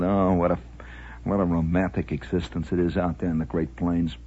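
A man's voice: sits low, little pitch movement, moderate pace. A man hosting a rambling late-night radio monologue, theatrical and mock-grand, talking around a cigar in his mouth. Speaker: radio host. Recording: dull lo-fi old radio recording with faint music.

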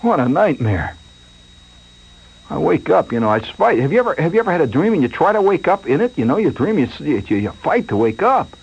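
Male radio host, rambling monologue, lively mock-nervous delivery, dull lo-fi sound with faint hum. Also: fairly high pitch, brisk, vocal fry, breathy edge. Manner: rambling, animated, mock-anxious storytelling. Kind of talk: late-night radio monologue.

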